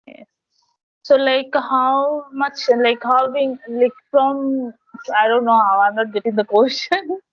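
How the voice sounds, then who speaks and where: A woman's voice: high-pitched, fairly even intonation, slow pace, dry recording. Bihari-accented woman tutor, dry muffled audio. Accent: Indian English, Bihar. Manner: casual, gropes for question wording. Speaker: English conversation tutor. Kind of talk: casual conversation practice. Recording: dull, dry video call audio.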